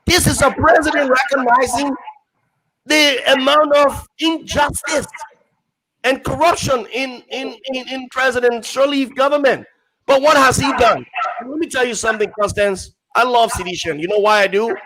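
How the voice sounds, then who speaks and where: A man's voice: very high-pitched, moderate pace, bright, forceful tone, low-quality recording. A young Liberian man arguing hard on a forum panel, reading quotes aloud and driving home his points through repetition. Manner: emphatic, reads quotes aloud, repeats phrases. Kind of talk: impassioned political argument.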